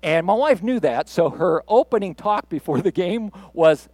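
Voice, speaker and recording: High-voiced man preaching a conversational sermon. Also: expressive, normal speed, few pauses, a little mellow, dry recording. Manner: conversational, playful, builds to rousing emphasis. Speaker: pastor.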